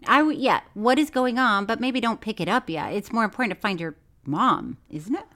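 A woman's voice: a little high, animated, brisk, a bit bright. A woman co-hosting a true crime podcast, chatting casually and teasing her co-host with exasperated outbursts. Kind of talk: casual chat.

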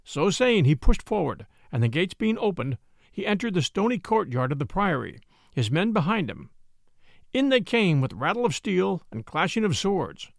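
A man narrating an old-fashioned storybook tale with an expressive reading. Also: sits high, moderate pace, creaky, dry recording, clean studio sound.

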